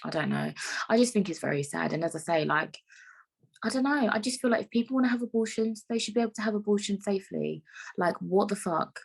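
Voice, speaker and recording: A woman's voice: medium pitch, animated, quick pace, vocal fry, slightly rough. A young woman hosting her own podcast, talking frankly and rambling, with plenty of swearing. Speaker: podcast host. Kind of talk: casual solo podcast monologue.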